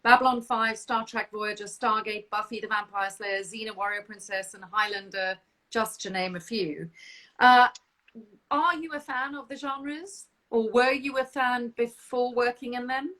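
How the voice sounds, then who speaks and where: A woman hosting an interview, chatty and quick to laugh. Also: fairly high pitch, bright, forceful tone. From South Africa. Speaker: host. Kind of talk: casual interview chat.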